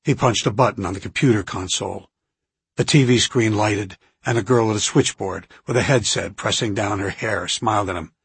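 A man reading an audiobook aloud in a measured, even narration. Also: fairly low pitch, slightly rough, no echo.

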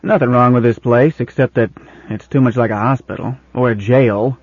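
A husky-voiced man playing a wry, worldly senior man in an audiobook, dry, gently teasing and fatherly. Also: mid-range voice, normal speed, dry recording, highs cut off.

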